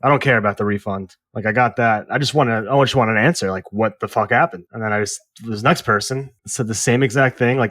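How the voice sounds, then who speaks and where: A man co-hosting a movie podcast, telling an exasperated story in casual, animated chat with some swearing. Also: fairly low pitch, fairly quick, hardly any pauses, no echo, studio quality. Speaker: podcast co-host.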